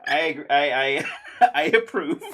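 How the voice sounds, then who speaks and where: A man's voice: a little high, animated, moderate pace, bright, forceful tone. A man joining a casual livestream off camera, playful and teasing.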